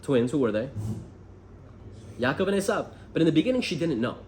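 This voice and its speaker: An American man teaching a lively Torah class, asking the room questions as he goes. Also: a little high, brisk, slight background noise. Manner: animated, asks the room questions. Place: classroom with a group.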